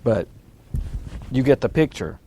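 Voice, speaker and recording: A man's voice: mid-range voice, animated, a little slow, mellow, a little hiss or hum. A man co-hosting a political talk radio show, chatty and wry, laughing easily as he talks. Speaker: radio co-host.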